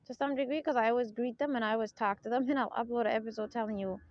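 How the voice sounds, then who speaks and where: A woman's voice: a little high, steady tone, rapid-fire, dry recording. A woman vlogger talking outdoors in a casual monologue, emphatic and rambling, often checking in with her listeners. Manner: emphatic, rambling, keeps checking in with "right?" and "okay?"; forceful, insistent tone. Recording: dull lo-fi recording.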